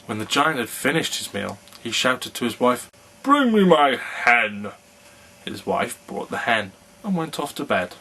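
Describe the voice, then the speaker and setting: A man reading a fairy tale aloud in a slow, measured storytelling manner. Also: medium pitch, animated, sharp tone, slight background noise, low-quality recording.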